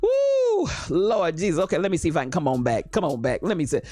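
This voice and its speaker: A woman hosting a live chat show in a dialect, animated and laughing often as she chats with her listeners by name. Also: low-pitched, rapid-fire, breathy edge. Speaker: host. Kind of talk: lively live-stream chat.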